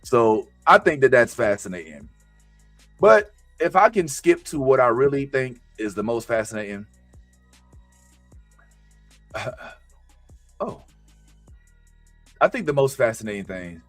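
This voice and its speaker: A man hosting a casual TV recap, animated and slangy, joking his way through the episode. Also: medium pitch, a little slow, pauses often, no room sound, soft background music. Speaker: host.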